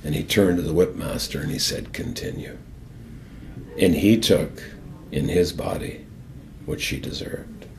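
An older man, a former hockey captain, telling his personal faith story as a guest in an earnest, animated way and then leading a prayer. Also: sits low, moderate pace, vocal fry, a little hiss or hum.

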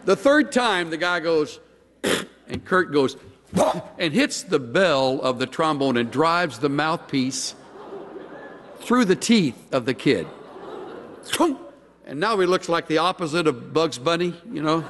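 Animated folksy male preacher. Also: fairly high pitch, slow, big-room sound, a little hiss or hum. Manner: folksy storytelling, animated, humorous asides. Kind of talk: sermon.

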